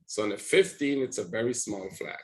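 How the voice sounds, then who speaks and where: A man with a somewhat low voice leads a live trading session, talking viewers through his charts. He rambles a little as he thinks aloud. He keeps checking in with his audience as he goes. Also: brisk, poor audio. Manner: rambling, talks to viewers with frequent "right?". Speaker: trading educator.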